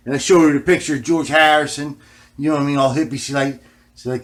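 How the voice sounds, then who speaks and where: A man's voice: on the high side, rapid-fire. A man vlogging in a casual, rambling way, swearing often and ending nearly every phrase with "man". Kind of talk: casual rambling vlog talk.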